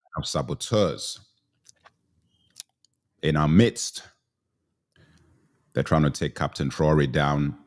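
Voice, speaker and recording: A man's voice: a bass voice, slow, pauses often. A middle-aged man hosting a live commentary stream, greeting viewers by name and repeating his phrases, a little congested from sneezing. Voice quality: repetitive, says phrases twice. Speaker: live show host.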